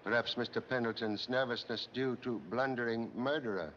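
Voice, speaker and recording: An actor playing a calm, wise detective who speaks in clipped, aphoristic broken English, on a muffled, hissy old film soundtrack. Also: male voice, medium pitch, moderate pace, lightly acted. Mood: calm, sage. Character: calm, wise middle-aged male detective.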